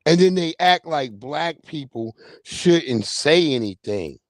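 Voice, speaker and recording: A man hosting a casual livestream, talking in an animated, slangy way and calling out viewers by name. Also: a little high, slow, dry recording, studio quality. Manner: animated, slangy, reads viewer names aloud. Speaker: livestream host.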